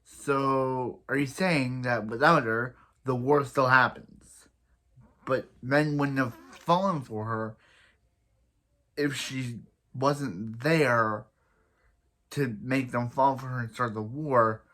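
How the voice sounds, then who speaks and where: A man's voice: medium pitch, slow pace, sharp tone. A young man giving a casual, rambling recap of a TV episode, often stumbling and restarting his sentences. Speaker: show reviewer.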